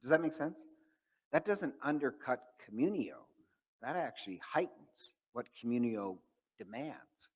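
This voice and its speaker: A man's voice: mid-range voice, lively intonation, unhurried, slightly rough, big-room sound, rough recording. A man who is a priest, giving an informal faith-formation talk to adults and telling stories with many fillers and restarts. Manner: conversational, storytelling, frequent um fillers and restarts. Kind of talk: informal teaching talk with anecdotes.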